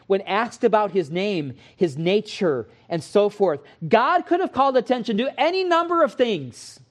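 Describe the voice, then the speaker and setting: A man's voice: high voice, very animated, moderate pace, hardly any pauses. A man pastor giving an expository sermon, earnest and emphatic.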